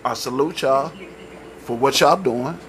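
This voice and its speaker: A man's voice: mid-range voice, measured pace, a bit bright, a little hiss or hum. A man, a guest on a casual podcast, speaking in an earnest, laid-back way. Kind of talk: casual chat.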